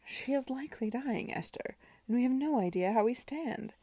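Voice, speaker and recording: A woman voicing a callous, scheming young gentleman who speaks in a cold, pushy way. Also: a little high, animated, moderate pace, dry recording, voice pushed up.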